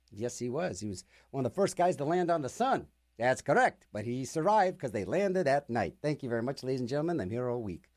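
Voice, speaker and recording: A man's voice: mid-range voice, very animated, a little fast, darkish tone. A man hosting a radio music show, chatting casually between songs with rambling, sarcastic jokes. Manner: rambling, jokey, sarcastic asides.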